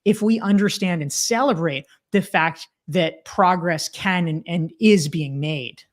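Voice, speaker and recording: A woman in her forties speaking in a casual interview, animated and emphatic, with many fillers and restarts. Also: on the low side, measured pace. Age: 40s. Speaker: podcast guest, author.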